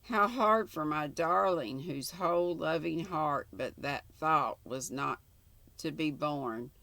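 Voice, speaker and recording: An older woman reading a ghost story aloud in a measured way, with occasional small slips. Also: low voice, creaky, pushed and bright, dry recording. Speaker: channel host, story reader.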